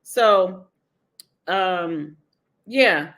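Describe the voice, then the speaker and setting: A woman's voice: fairly low pitch, expressive, drawn-out words, fairly bright tone. A woman author being interviewed, talking candidly and emphatically, laughing often.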